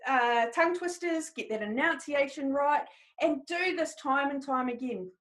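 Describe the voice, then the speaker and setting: A woman leads a live training webinar. Her voice sits high and bright in pitch, and she keeps an upbeat, encouraging tone as she speaks directly to her listeners. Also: unhurried. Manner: upbeat, encouraging, talks straight to the audience. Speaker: presentation skills trainer.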